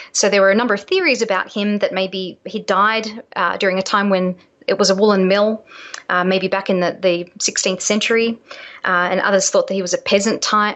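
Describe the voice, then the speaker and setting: A woman's voice: medium pitch, a bit bright. A woman, an author guest on a radio show, telling stories in a hesitant way with many fillers. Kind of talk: interview storytelling.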